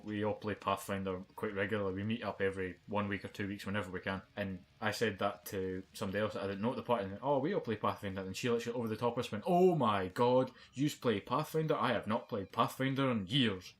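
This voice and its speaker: A young man with a lowish voice rattles off crude, profane party stories at a rapid clip. He co-hosts a casual podcast and talks in loose, joking banter. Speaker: podcast co-host.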